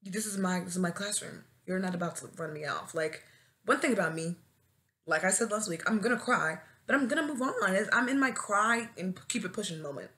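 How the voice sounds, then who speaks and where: A woman's voice: medium pitch, lively intonation, fairly quick. A woman in her twenties, a new teacher, chatting casually on her solo podcast and breaking into dramatic comic wails. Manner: dramatic, swings into wailing and shouting for comic effect. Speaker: podcast host.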